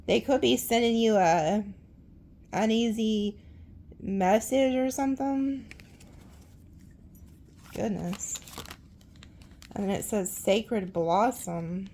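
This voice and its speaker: A woman doing a tarot reading in a loose, chatty way, reacting dramatically to each card. Her voice sits at an ordinary middle pitch with a gravelly, fry-tinged edge. She laughs easily and talks bluntly, using slang. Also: slow pace, pauses often, warm tone, a little hiss or hum. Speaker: tarot reader.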